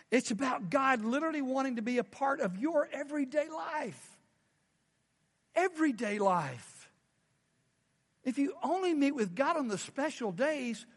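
High-voiced man preaching in a hall. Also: fairly bright tone. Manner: preachy, asks the congregation questions. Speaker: pastor. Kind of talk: sermon.

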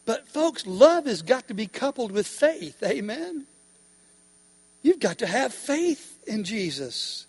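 Preacher, male, high pitched, emphatic sermon with call-and-response, long hall reverb. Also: sing-song, takes it slowly, slightly rough.

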